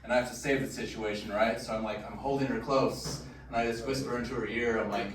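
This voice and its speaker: A man's voice: mid-range voice, steady tone, quick pace. A man in his thirties doing a stand-up set, telling a rambling story full of fillers. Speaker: stand-up comedian. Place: large room at a comedy show. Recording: echoey hall, distant mic, crowd noise. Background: audience laughter.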